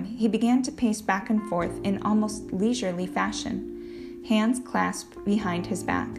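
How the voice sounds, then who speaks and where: A woman reading a novel aloud in a plain, measured way, with now and then a slip and a restart. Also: medium pitch, creaky. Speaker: audiobook reader. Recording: guitar music playing underneath.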